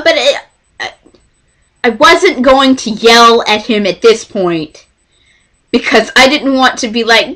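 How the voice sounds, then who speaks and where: A woman's voice: fairly high pitch, takes it slowly, long pauses, a little hiss or hum. A young woman from Texas telling a story to camera in a casual vlog, acting out what others said. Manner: animated, acts out the voices of others in her story. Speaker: vlogger.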